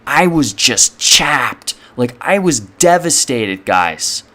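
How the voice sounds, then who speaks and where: A man's voice: medium pitch, very animated, takes it slowly, bright, forceful tone. A young man telling a personal story to his viewers in a loose, rambling way, full of fillers and swearing. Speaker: channel host. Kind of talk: casual storytelling to camera.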